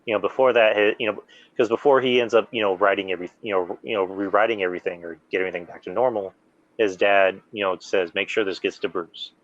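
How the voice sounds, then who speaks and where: Rambling low-voiced podcast host. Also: male voice, fast talker, highs cut off. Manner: rambling, animated fan recounting plots with many fillers. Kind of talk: casual chat.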